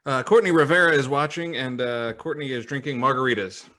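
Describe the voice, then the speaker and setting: A man co-hosting a casual podcast happy hour, reading out viewer comments in a relaxed, halting way with plenty of fillers. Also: medium pitch. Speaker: podcast co-host. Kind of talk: casual live-stream chat.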